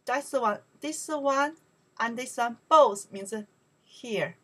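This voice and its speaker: A woman who speaks English with a Mandarin Chinese accent, teaching Chinese pronunciation slowly and repeating each word for learners. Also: on the high side, slightly rough. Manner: slow, repeats words for learners, louder on the Chinese examples. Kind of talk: pronunciation lesson.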